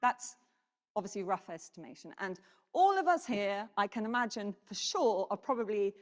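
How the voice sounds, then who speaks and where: Animated woman speaking in a hall. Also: medium pitch, moderate pace. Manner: animated, engages audience with questions. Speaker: keynote speaker. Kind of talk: conference presentation. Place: conference hall. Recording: reverberant hall.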